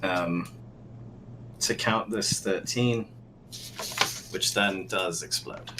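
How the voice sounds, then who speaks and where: A man's voice: low voice, extremely slow, background noise. A man playing in a tabletop game, talking in a laid-back, dry way. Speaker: player.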